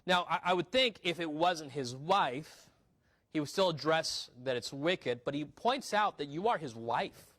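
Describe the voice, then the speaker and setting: A young pastor preaches with earnest drive, stumbling and restarting words as he acts out little asides. His voice sits a bit high for a man. The sound is close and dry, with almost no room echo despite the church. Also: a bit bright. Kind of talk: sermon. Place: church sanctuary.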